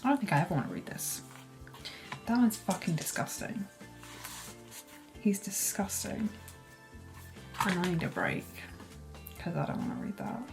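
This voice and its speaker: A woman chatting casually in a reading vlog, expressive and swearing freely as she reacts to her book. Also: lowish voice, normal speed, creaky, pauses often, music in the background. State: teary from crying. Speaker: booktuber.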